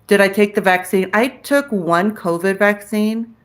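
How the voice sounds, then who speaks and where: Her voice sits at medium pitch and moves a little slowly as she runs a casual live chat. She responds to viewer comments out loud, speaking frankly and cursing now and then.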